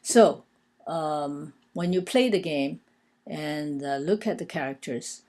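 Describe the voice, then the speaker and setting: A woman teaching a language lesson, explaining written characters one by one in a patient, hesitant way with frequent pauses and filler sounds. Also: low-pitched, animated, a little mellow.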